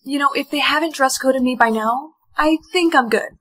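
A young woman acting in a short skit, talking sassily with quick comebacks. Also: sits high, a bit bright. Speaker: skit actor. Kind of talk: acted short-video skit.

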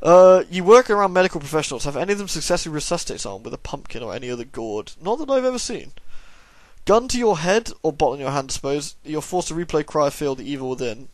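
A man's voice: fairly high pitch, lively intonation, quick pace, dry recording. A tired young man casually reading out and answering viewer questions, rambling with dry, self-deprecating humour. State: tired, yawning. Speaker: YouTube gaming channel host.

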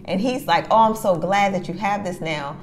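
A woman co-hosting a casual podcast chat, retelling a story with lively back-and-forth voices for each person. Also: medium pitch, moderate pace, a little hiss or hum. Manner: animated storyteller who acts out both sides of a text exchange. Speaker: podcast co-host.

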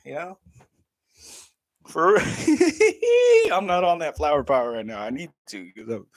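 A man in his thirties hosts a casual livestream, joking and laughing between lines. His pitch swings widely and sits a little high for a man. The sound is dry and close with no room around it. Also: wildly swooping pitch, normal speed, dry recording. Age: 30s. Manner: laid-back, joking, laughs often, swears casually. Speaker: livestream vlogger.

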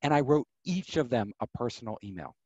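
A middle-aged man, a podcast guest, telling stories of his career in an animated way and acting out the voices of people he quotes. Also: mid-range voice, fairly quick, breathy edge, dry recording, highs cut off. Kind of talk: storytelling interview.

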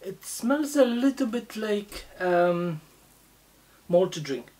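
A woman hosting a casual beer tasting review, talking in a slow, halting way with many fillers. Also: mid-range voice, expressive, dark tone.

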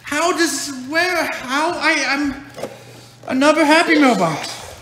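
Exasperated dad in an echoey kitchen. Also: male voice, very high-pitched, slow, sharp tone. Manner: exasperated, keeps asking questions. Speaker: dad in a family skit channel. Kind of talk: family skit vlog. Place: home kitchen, indoors. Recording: echoey room with background noise.

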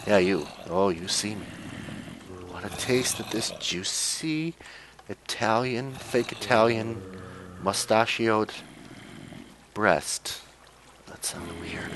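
A man's voice: on the low side, slow, long pauses, background noise. A young man giving casual, jokey commentary while playing a game, chatting to himself and coaxing the characters on screen. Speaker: let's play gamer.

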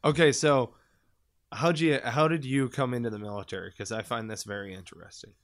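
A man's voice: mid-range voice, steady tone, a little fast. A man hosting an interview, asking easygoing, curious questions. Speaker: podcast host. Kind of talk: casual interview.

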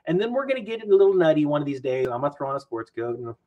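Male finance creator, podcast guest, expressive and self-deprecating, upbeat chatter. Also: fairly high pitch, very fast, lo-fi sound. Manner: animated storyteller, jokey and self-mocking. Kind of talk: casual podcast chat.

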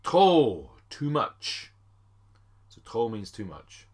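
A man teaching French phrases in a chatty lesson, calling the class ladies and gents and slowing down for each French phrase. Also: sits low, lively intonation, slightly rough. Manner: slows down to spell out French phrases. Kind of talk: screen-recorded language lesson.

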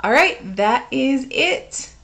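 A woman from the United States talks through the meaning of a word like a teacher at her desk. Her voice sits a little high, and she keeps it casual and conversational, full of asides and fillers. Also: animated, slow, creaky, a bit bright. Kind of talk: unscripted casual explanation to camera.

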